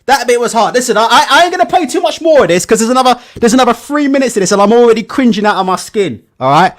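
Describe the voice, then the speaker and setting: Reaction host, very high pitch for a man, bouncy lively delivery, mock-dramatic. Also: quick pace. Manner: animated, mock-emotional, laughs a lot. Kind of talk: laughing reaction commentary.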